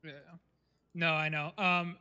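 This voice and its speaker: A man in a casual roleplay chat, his voice a touch high and bright, relaxed and joking as he talks. He rambles through fillers at an easy pace. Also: slow, smooth. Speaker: roleplay player.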